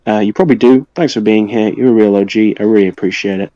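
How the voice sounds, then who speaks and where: A young man co-hosting a podcast, thanking listeners with goofy, deadpan nonsense. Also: lowish voice, fast, no room sound, muffled recording. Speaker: podcast co-host. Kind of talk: casual chat, listener shout-outs.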